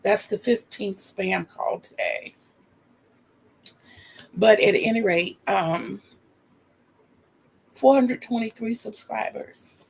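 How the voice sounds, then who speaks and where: Gravelly Southern older woman, slow. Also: mid-range voice, rough recording. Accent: Southern US, North Carolina. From North Carolina. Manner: chatty, homey, folksy. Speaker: craft livestream host. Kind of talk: casual livestream chat.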